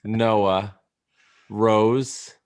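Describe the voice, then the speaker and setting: Guy on a sports podcast, lowish voice, blunt short comebacks. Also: steady tone, very slow, a little mellow. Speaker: podcast co-host. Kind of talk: casual sports chat.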